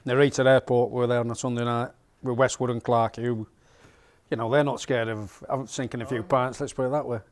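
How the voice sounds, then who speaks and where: A man telling lively, laughing stories from life as a caddie. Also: medium pitch, a little fast. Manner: lively pub-story telling with bursts of laughter. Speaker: caddie and co-host. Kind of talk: casual storytelling chat.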